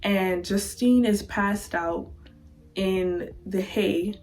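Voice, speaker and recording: A woman vlogger telling a novel's plot in a casual storytime. She is animated and dramatic, and she slips into the characters' voices at a mid-range pitch. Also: extremely slow, faint music behind.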